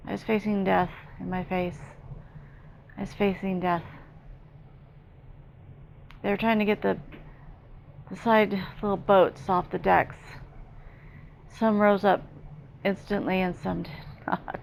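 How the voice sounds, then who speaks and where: A woman psychic medium giving an emotional, halting first-person channeling narration, repeating herself as she speaks. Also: medium pitch, little pitch movement, gravelly, a little hiss or hum.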